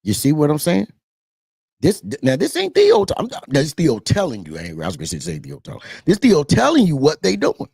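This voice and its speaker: A male host with a Southern US twang giving casual political commentary straight to his viewers, animated and preachy, repeating his points and calling the audience y'all. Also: on the high side, a little fast, creaky, slightly rough, no room sound, clean studio sound. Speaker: political talk show host.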